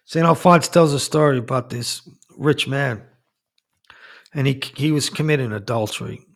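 A Catholic priest talking and telling stories in an emphatic, animated way, with frequent restarts. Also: male voice, medium pitch, moderate pace, gravelly. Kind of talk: preaching talk with storytelling.

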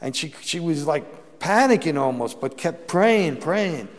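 A man's voice: on the high side, expressive, a little slow. A man, a Catholic priest, preaching a sermon and telling stories with emphatic bursts and frequent restarts. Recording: long hall reverb.

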